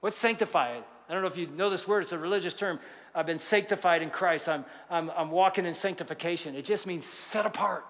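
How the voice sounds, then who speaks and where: A man's voice: high-pitched, brisk, fairly bright tone, big-room sound. A man in his sixties preaching a sermon in a church, in a conversational, storytelling way with frequent asides. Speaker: pastor. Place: large church auditorium.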